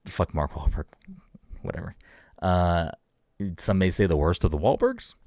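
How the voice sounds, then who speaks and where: A man's voice: low voice, expressive, moderate pace, a little mellow, no room sound, studio quality. A man co-hosting a casual chat podcast, rambling and laid-back, swearing casually. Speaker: podcast co-host.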